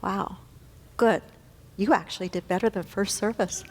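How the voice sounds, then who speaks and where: A woman's voice: lowish voice, moderate pace, background noise. A woman minister giving an earnest, conversational sermon to her congregation, often repeating phrases for emphasis. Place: large church sanctuary. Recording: long hall reverb.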